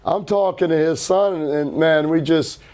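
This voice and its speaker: A middle-aged man with a mellow, warm voice, talking a little higher than most men. He tells a story with lots of energy at an indoor hi-fi gathering, acts out what others said and swears now and then. It sounds like a loose, casual interview. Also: normal speed. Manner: animated anecdote teller, acts out quotes, swears casually. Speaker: record label founder, guest. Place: hi-fi salon event, indoors.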